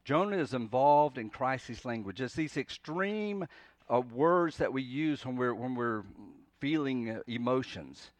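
A male pastor delivers a sermon in a relaxed, conversational manner, his voice in a middle register. When he quotes a prayer he sinks into a soft, weary plea. The recording is dry and close, with almost no room sound. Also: medium pitch, measured pace, no echo. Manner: conversational preaching, dramatic dips to soft pleading when quoting.

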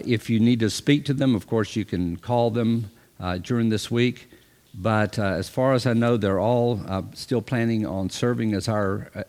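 A man's voice: on the low side, a little mellow, long reverb tail. A middle-aged man preaching an informal sermon, talking conversationally with fillers and restarts, and reading scripture passages with rising emphasis.

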